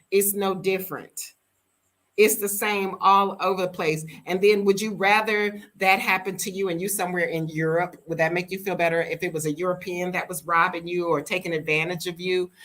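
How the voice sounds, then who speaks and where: A lower-pitched American woman in her fifties vents in a casual vlog story. She is blunt and emphatic, leaning on repeated words to drive her point home. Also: pushed and bright. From United States. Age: 50s. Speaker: vlogger living abroad.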